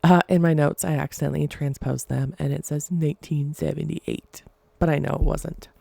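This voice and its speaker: Chatty woman with a gravelly, mellow voice. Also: sits low, fairly even intonation, normal speed, no room sound. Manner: rambling, chatty, giggly. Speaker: podcast host. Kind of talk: casual solo podcast chat.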